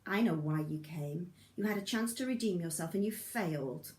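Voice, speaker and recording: A woman's voice: fairly low pitch, normal speed, darkish tone, lightly acted. A woman reading the part of a fierce, scarred woman who leads a band of outcasts, speaking coldly and with scorn, in a roomy recording. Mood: scornful, commanding. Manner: cold, commanding, scornful. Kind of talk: audiobook reading.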